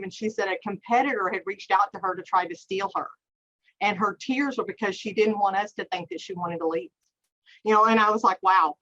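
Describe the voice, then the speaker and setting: A woman's voice: mid-range voice, a bit bright. A woman, an HR professional talking earnestly and emotionally on a panel, rambling with many fillers. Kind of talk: candid panel talk. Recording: dull lo-fi sound.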